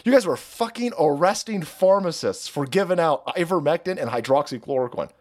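A man ranting on his live stream, swearing freely and dripping with sarcasm. His voice sits fairly high for a man and swings wildly up and down as he mocks and riles up his viewers. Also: lively intonation, a little fast, darkish tone. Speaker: streamer host.

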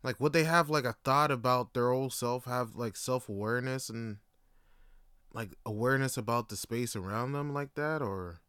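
Smooth-voiced young man rambling casually. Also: medium pitch, normal speed, a bit bright, no room sound, clean studio sound. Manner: rambling, slangy, musing. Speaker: podcast host. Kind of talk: casual solo monologue.

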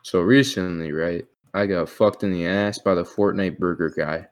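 A man's voice: low-pitched, normal speed. A man chatting casually while playing a game, sarcastic and swearing often. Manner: sarcastic, profane, animated banter. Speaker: gamer co-host. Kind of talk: casual gaming chat.

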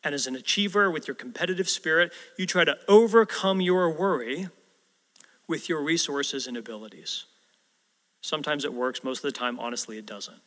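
A pastor delivers a sermon in a relaxed, conversational way, frequently putting rhetorical questions to the congregation. His voice is slightly high for a man and a bit bright, moving at a moderate pace. Every phrase lingers in the long reverb of the large church hall.

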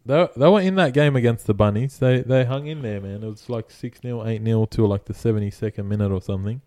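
Dark-voiced young Australian man, dry sound. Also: medium pitch, fast, dry recording. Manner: chatty, runs through team news. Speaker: podcast co-host. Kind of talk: casual sports chat.

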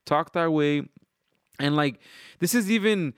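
A man's voice: fairly high pitch, a little slow, clean tone, dry recording, clean studio sound. A man co-hosting a podcast in casual chat, giving blunt, profane opinions. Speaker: podcast co-host.

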